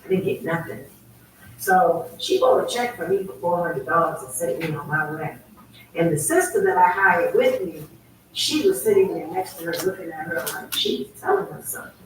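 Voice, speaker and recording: A woman's voice: lowish voice, moderate pace. Echoey distant woman telling a story. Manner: emphatic, animated retelling. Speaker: guest. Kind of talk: personal storytelling. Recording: very echoey, distant, faint ambient noise.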